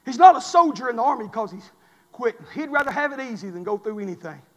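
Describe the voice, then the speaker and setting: A male pastor preaching a fiery sermon, shouting, pleading and calling for amens in a church. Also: extremely high pitch, lively intonation, fast, long reverb tail. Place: church sanctuary.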